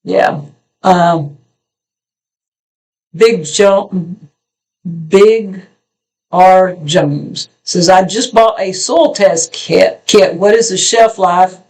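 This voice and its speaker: A woman co-hosting a homestead channel, rambling in a folksy way through viewer comments with halting restarts. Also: on the low side, darkish tone. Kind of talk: casual porch chat reading viewer comments.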